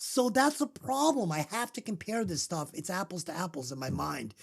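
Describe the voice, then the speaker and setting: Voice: mid-range voice, normal speed, vocal fry, husky. A podcast co-host in casual chat, swearing freely and sarcastic about the music. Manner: profane, animated, sarcastic. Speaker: podcast co-host reviewing albums.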